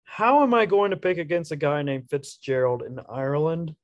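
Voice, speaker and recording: A man's voice: fairly high pitch, animated, normal speed, dry recording, lo-fi sound. A man co-hosting a casual college sports podcast, laid-back as he reads out his prepared predictions. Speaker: podcast co-host.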